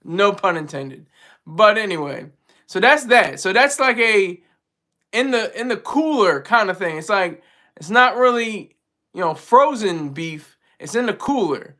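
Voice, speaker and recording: A man's voice: sits high, animated, measured pace, pushed and bright. A man hosting a casual commentary stream, rambling with many fillers and laughing often. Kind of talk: casual commentary on rap news.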